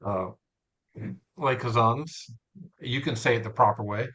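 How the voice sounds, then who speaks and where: A man's voice: lowish voice, a little fast, a bit bright. A man hosting an interview, asking casual, loosely phrased questions with enthusiasm. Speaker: host.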